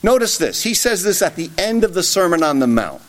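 A man's voice: sits high, big pitch swings, brisk. A man preaching an expository sermon, emphatic and often checking in with a rhetorical "right?".

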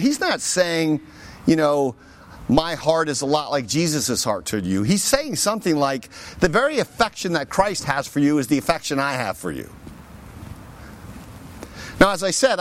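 A man preaching a sermon with a fairly high voice that rises and falls widely. He talks to the congregation in a conversational way, stressing key points and adding lively asides. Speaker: pastor.

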